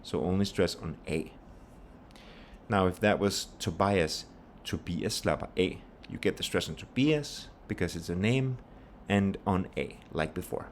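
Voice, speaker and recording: A man teaching a pronunciation lesson, patiently explaining and repeating example phrases slowly. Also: deep voice, a little hiss or hum. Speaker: language teacher.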